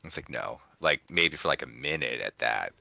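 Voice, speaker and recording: A man's voice: very deep voice, lively intonation, moderate pace, gravelly, bright, forceful tone, no echo. A man hosting a wrestling podcast, rambling casually with lots of restarts and the odd swear. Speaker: podcast host. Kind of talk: casual chat.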